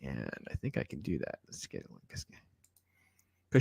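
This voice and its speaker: Bright-voiced sarcastic male stream host. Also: on the low side, moderate pace, vocal fry, pauses often, no echo. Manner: animated, sarcastic riffing to viewers. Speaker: show host. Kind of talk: casual reaction-stream commentary.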